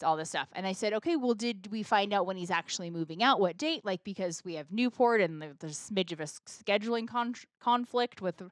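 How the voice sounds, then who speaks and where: A woman co-hosting a casual podcast chat, teasing her co-host with brisk interjections. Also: mid-range voice, no echo, clean studio sound.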